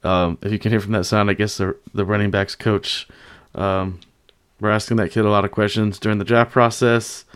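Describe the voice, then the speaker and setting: A man's voice: fairly low pitch, level tone, normal speed, fairly bright tone, smooth. A man hosting a casual sports commentary, upbeat and loose with plenty of fillers. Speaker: podcast host.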